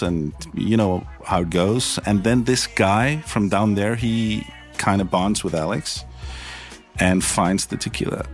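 A man telling a story in casual chat, halting and laughing, with many fillers. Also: fairly low pitch, faint music behind. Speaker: touring musician guest.

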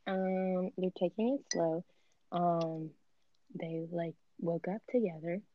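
Laid back young woman on a podcast, lowish voice, lots of ums, dull dry airpod mic. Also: steady tone, takes it slowly, no room sound. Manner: easygoing, hesitant, filler-heavy. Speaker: podcast co-host. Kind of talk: casual chat.

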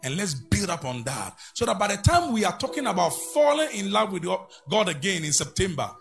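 A man preaching a sermon with a lively, swinging delivery that slips into half-sung lines and call-and-response. His voice sits high for a man and has a gravelly edge. Faint music plays behind him. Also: fairly quick. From Ghana. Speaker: pastor.

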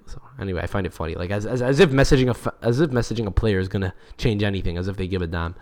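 A man's voice: on the low side, very fast, hardly any pauses, darkish tone. A man co-hosting a casual football podcast, rambling with lots of restarts and swearing. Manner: rambling, many restarts, swears, laughs at own stories; reads Italian quotes and translates them. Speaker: podcast co-host.

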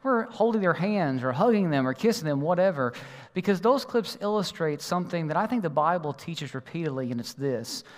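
A man's voice: fairly high pitch, expressive, brisk, long reverb tail. A man preaching a sermon as a pastor, telling a story about his young son and doing little voices for him. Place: church auditorium.

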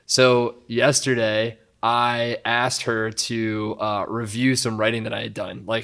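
A young man telling a story in casual conversation, animated and often laughing. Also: medium pitch, slow, gravelly, few pauses. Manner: animated, laughs a lot while telling stories.

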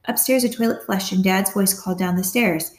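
A woman narrates a mystery novel in a steady storytelling manner, her voice sitting at a middle pitch. The recording carries a noticeable roomy echo. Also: brisk. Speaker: audiobook narrator. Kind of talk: scripted narration.

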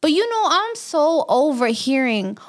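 A young woman co-hosting a podcast in casual chat, blunt and animated, full of slang. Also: high-pitched, a little slow. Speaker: podcast co-host.

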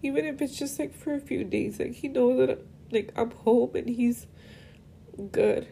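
Tearful young woman with a gravelly voice. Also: fairly high pitch, measured pace, dark tone, slight background noise. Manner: emotional, rambling, switches between English and Spanish. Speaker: podcast host. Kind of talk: personal monologue.

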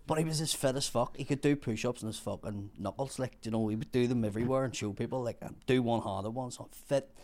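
A man's voice: mid-range voice, fast, few pauses, darkish tone. A man telling a long, rambling story, swearing often. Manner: rambling, heavy swearing, laughs through the story. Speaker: guest storyteller. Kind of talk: casual storytelling.

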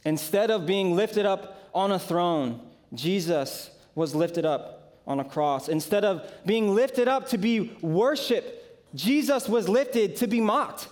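A man preaching a sermon as pastor. He tells the scripture vividly and shares personal stories, with dramatic, deliberate phrasing. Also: fairly high pitch, a little mellow.

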